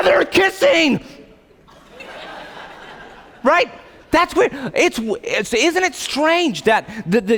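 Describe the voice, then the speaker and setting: Animated young preacher in a reverberant hall. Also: male voice, on the high side. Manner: animated storytelling, acting out quotes. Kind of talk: casual sermon with humor. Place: church stage with hall reverb.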